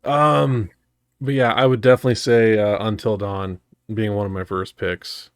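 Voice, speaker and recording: A young man co-hosting a podcast who talks casually and quickly, with frequent swearing. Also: on the low side, smooth, no room sound, studio quality. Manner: swears casually, fast and animated. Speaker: podcast co-host. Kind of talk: casual chat.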